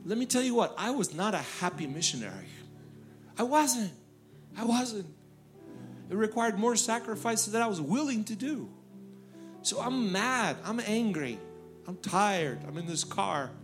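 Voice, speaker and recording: A middle-aged man from Ukraine preaching and telling a personal story in lively, animated style, acting out the people he quotes. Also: high-pitched, moderate pace. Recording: music playing underneath.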